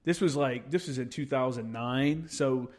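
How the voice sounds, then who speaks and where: Profane, animated veteran man telling a story. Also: medium pitch, moderate pace. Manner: profane, animated storyteller who acts out quotes. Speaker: podcast speaker, military veteran. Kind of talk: casual storytelling chat.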